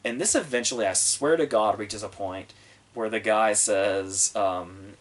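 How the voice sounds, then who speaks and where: This podcast host talks through a film review in a loose, meandering way, often profane and full of fillers and false starts. His voice is on the low side, and he speaks a little slowly.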